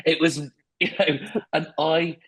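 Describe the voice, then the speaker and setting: A man's voice: a little high, flat delivery, takes it slowly, fairly bright tone, husky. A man, a stand-up comedian, talking reflectively in a podcast interview with frequent restarts.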